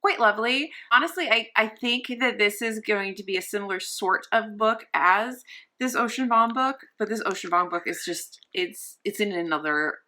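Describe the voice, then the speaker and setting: A woman's voice: mid-range voice, normal speed, sharp tone. A young woman vlogging casually from her sofa at home, rambling and gushing with many restarts. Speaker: book vlogger. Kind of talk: casual vlog chat.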